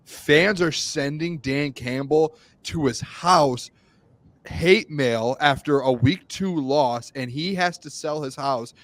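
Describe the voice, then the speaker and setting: A man's voice: on the high side, slow pace, fairly bright tone, no room sound. A man co-hosting a sports podcast, teasing and egging on his guest in casual chat. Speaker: podcast co-host.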